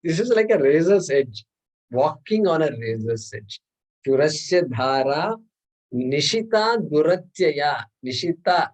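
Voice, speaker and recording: Male scripture teacher, slightly raised pitch, patient class lecture, repeats key terms. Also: sing-song, unhurried, poor audio. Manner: explains patiently, repeats terms, chuckles often.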